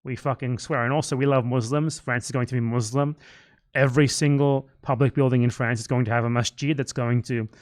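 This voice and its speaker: A man's voice: mid-range voice, fairly even intonation, fairly quick, natural voice. A man mocking a wheedling left-wing coalition. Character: pleading left-wing coalition, male voice, satirized.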